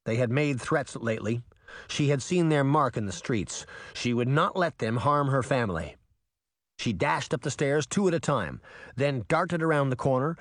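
A narrator reading a fantasy story aloud in an expressive storytelling manner. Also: mid-range voice, dry recording, clean studio sound. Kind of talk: audiobook narration.

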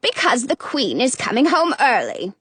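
A woman's voice: sits high, huge pitch swings, moderate pace, fairly bright tone, slightly rough, no echo, heavily acted. A woman voicing a cranky, blunt talking magic mirror that grumbles curtly in a storybook. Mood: annoyed. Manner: irritable, curt, grumbling.

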